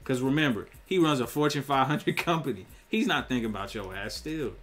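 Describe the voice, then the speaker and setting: A man's voice: mid-range voice, expressive, a bit bright. A man giving a blunt, profane opinion rant full of slang, often acting out other people's lines. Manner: profane, blunt, slangy, acts out quick voices. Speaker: online commentator. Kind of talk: casual opinion rant to camera.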